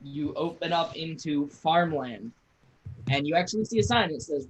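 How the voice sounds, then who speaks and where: A man narrating as game master in a tabletop game, describing scenes in a halting way. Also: on the high side, lively intonation, rough recording.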